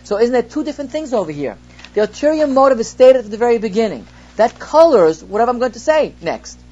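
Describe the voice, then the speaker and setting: A man's voice: very high-pitched, sing-song, fast, dark tone. A man who is a rabbi teaching a text-study class to students. He explains through everyday examples, asks rhetorical questions, and reads Hebrew phrases before translating them. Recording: dull lo-fi class recording.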